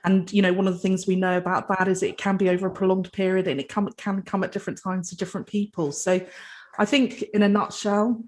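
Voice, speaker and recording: A woman's voice: medium pitch, steady tone, fast, darkish tone. A British woman, a health trust chief executive, answering a panel question earnestly and fluently, often restarting her sentences. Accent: British English.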